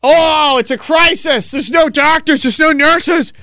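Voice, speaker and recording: Shrill, whiny, panicking official mocked by a man, high and loud, dry close sound. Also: measured pace, dry recording, full character voice. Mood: whiny panic. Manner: shrill, whining, shouting.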